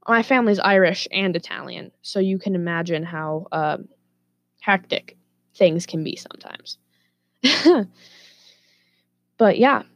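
A lower-pitched woman vlogger telling a story in an animated, profane way. She laughs at her own asides. The recording is dry and close. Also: creaky, no room sound. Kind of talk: casual storytelling to camera.

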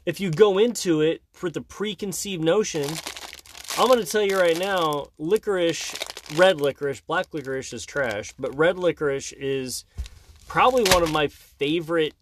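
A man's voice: fairly high pitch, normal speed, background noise. A middle-aged man, a dad co-hosting a snack tasting show with his child, talking in a casual, rambling way that often breaks off mid-sentence. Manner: rambling and self-interrupting, with jokey opinions. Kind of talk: casual chat.

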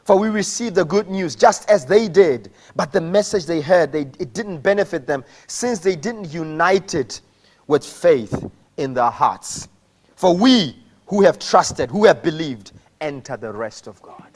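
A male pastor preaching a sermon, animated, rising to shouts and acting out the people he quotes. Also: on the high side, measured pace.

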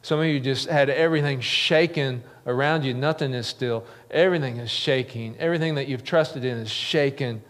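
A man's voice: medium pitch, normal speed, few pauses, fairly bright tone. A middle-aged man preaching a sermon as a pastor, earnest, building emphasis with repeated phrases. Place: church sanctuary. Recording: long reverb of a large church hall.

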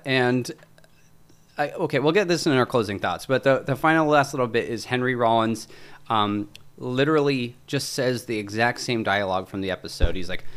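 A man's voice: mid-range voice, smooth. A man casually recapping a TV episode, rambling with lots of fillers and acting out the characters' lines. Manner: rambling, many fillers and acted-out quotes. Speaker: podcast host.

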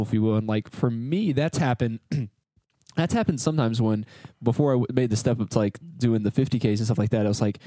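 A man's voice: mid-range voice, brisk, warm tone, no echo. A man co-hosting a podcast, chatting casually and rambling through anecdotes with self-interruptions. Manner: rambling storyteller, mimics others' voices. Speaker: podcast co-host. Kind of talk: casual chat.

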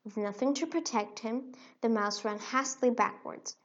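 A woman narrating a children's storybook in an expressive read-aloud way. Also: on the high side, moderate pace, a little hiss or hum. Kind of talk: storybook reading. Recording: dull lo-fi recording.

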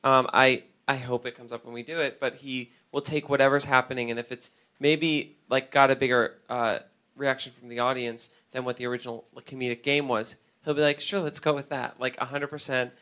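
A man's voice: mid-range voice, flat delivery, fairly quick, pushed and bright. Man rambling in casual chat. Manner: rambling, hesitant with fillers. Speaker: improv comedian guest.

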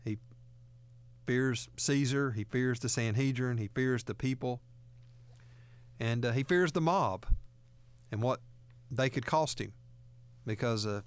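A man's voice: mid-range voice, smooth, no echo. A man hosting a radio talk show, teaching and reading scripture aloud in an earnest way.

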